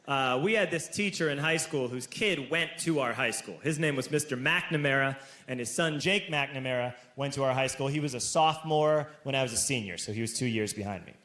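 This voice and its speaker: A man in his thirties telling a stand-up story, animated and shouting the punchlines. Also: fairly high pitch, reverberant, a little hiss or hum. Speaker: stand-up comedian.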